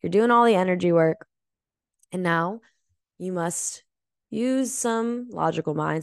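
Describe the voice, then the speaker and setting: A woman with a fairly low voice coaches her listeners in a motivational monologue. She is earnest and emphatic, swears casually, and slows down to stress her key words. The sound is dry and close. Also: darkish tone, no room sound. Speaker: podcast host and energy healing coach.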